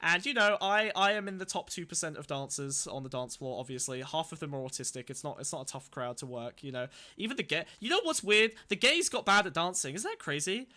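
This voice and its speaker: Young male podcast host, high and bright, loose and profane, rambling storyteller. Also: lively intonation, fairly quick, hardly any pauses. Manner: rambling, profane, laughs through anecdotes. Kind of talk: casual chat.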